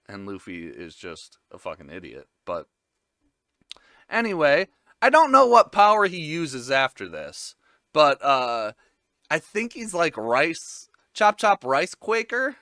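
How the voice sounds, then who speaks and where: A man's voice: medium pitch, pushed and bright, no room sound, clean studio sound. A man casually recapping an anime episode, rambling and joking with frequent swearing.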